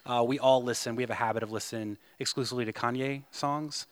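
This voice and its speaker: A man guest in casual chat with a dry, deadpan way of joking. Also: medium pitch, fast.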